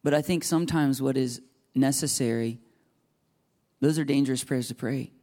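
A man's voice: medium pitch, warm tone. A man in his thirties preaching a sermon as a pastor, earnest and confessional, acting out quoted prayers.

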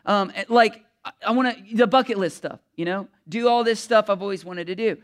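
Emotional pastor preaching conversationally. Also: male voice, high-pitched, a little fast. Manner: candid and conversational, with many fillers and asides. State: emotional, voice catching. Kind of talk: sermon.

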